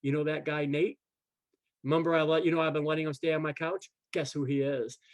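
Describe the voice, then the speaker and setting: Male guest, fairly high pitch, animated storyteller who voices the other people in his story and stumbles over restarts. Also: a little fast. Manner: animated, acts out quoted dialogue; repeats words and restarts often. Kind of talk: casual storytelling chat.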